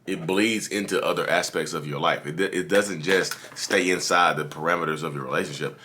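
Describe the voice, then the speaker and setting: With slight background noise behind him, a low-pitched man talks a little fast in a pushed, bright voice. He's a podcast host giving casual, preachy advice from his office directly to listeners, hammering the same points and calling them "y'all."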